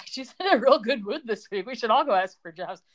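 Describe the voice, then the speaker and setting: A woman's voice: a little high, expressive, fairly quick. A woman hosting a podcast, casually retelling a TV episode with sarcastic asides and laughs. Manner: sarcastic, quips and laughs while retelling scenes. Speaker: podcast host recapping a TV episode. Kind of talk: casual chat.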